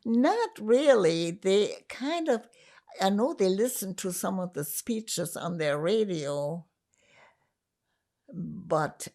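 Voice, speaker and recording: An older woman from Germany, giving an oral history interview in a slow, reflective way with pauses and restarts. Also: medium pitch, lively intonation, dark tone. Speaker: interviewee, survivor.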